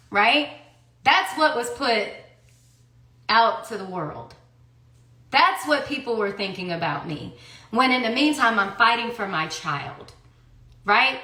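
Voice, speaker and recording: A woman's voice: mid-range voice, a little slow, sharp tone. A woman in her thirties telling her own story in a heated, profane monologue full of rhetorical questions. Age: 30s. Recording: roomy echo.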